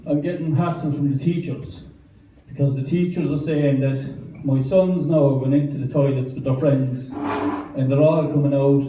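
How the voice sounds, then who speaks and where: An Irish man in his thirties doing rambling, deadpan stand-up at an open mic night. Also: fairly high pitch, slight background noise. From Ireland. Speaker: stand-up comedian. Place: small wine bar open mic night. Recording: roomy, distant bar recording.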